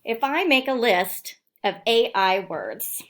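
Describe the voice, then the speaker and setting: A woman teacher giving a recorded phonics lesson to young children, sounding out words slowly and clearly. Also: fairly high pitch, expressive, a little hiss or hum. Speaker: elementary school teacher.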